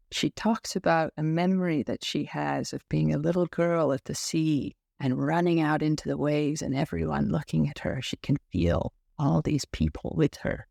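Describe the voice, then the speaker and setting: A man who serves as a meditation teacher, telling a story in an unhurried, tender, musing way. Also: on the high side, creaky, darkish tone, no echo, clean studio sound. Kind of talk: reflective storytelling talk.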